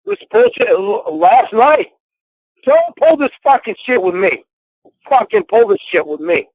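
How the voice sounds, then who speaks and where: Brief: high-pitched man, confrontational and profane, dry close sound. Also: very animated, unhurried, darkish tone, no room sound, rough recording. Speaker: host. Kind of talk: heated argument.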